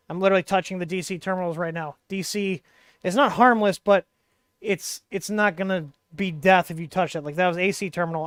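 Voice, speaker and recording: This livestream host's voice sits high, a bit bright and clean in tone, captured dry in studio quality through a wireless mic. Working on hardware during a casual tech stream, he explains it as he goes, rambling and using plenty of fillers.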